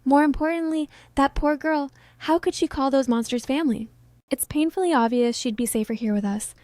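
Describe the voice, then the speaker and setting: A man's voice: very high-pitched, fairly quick, darkish tone, no echo, studio quality. A woman voicing a weary male companion who mutters in exasperation. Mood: exasperated.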